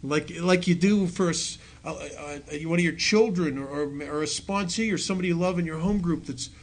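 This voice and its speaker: A man's voice: a little high, fairly quick. A middle-aged man, a speaker at a recovery meeting, tells his story to an audience with self-mocking jokes. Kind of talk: personal recovery talk to an audience. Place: meeting hall with a live audience.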